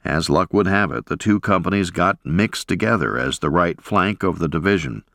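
Male memoir narrator, deep and expressive, steady pacing, dry close-miked read. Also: creaky, no room sound. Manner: steady, measured storytelling. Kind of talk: scripted first-person memoir narration.

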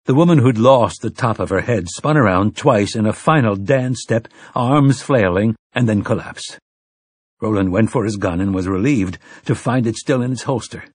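A man narrates an audiobook in a husky, mid-pitched voice, measured and dramatic. The sound is dry and close, with no room echo. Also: darkish tone. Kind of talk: scripted narration.

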